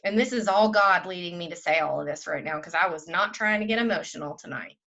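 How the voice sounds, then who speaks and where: A woman leading a group call, giving a fervent, preachy pep talk that swings between loud and soft. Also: fairly low pitch, fast talker, creaky, dull audio. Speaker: team leader on a group call.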